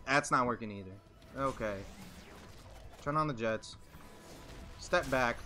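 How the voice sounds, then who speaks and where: A young man commentating his own video game match live, excitable and laughing, swearing and trash-talking as he plays. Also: medium pitch, measured pace, pauses often. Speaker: gaming streamer.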